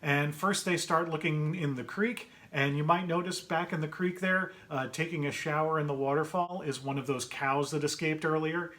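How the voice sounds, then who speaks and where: Man reading a picture book to kids. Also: fairly even intonation. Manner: gentle, chatty, pauses to point out pictures and ask kids questions; puts on brighter higher voices for characters' quoted lines. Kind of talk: read-aloud story time for children.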